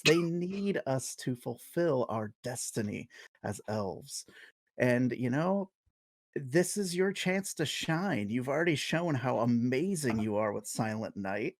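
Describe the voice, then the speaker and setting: Man, animated swings in pitch, gravelly voice, dry sound, rambling. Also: slow pace, no room sound. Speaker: player. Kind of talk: casual game banter, in-character pep talk.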